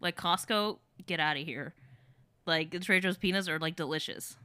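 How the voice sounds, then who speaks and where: A woman's voice: fairly low pitch, normal speed, pushed and bright, smooth, no echo. A woman chatting on a podcast as a guest, laughing often and filling her talk with "like". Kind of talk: casual chat.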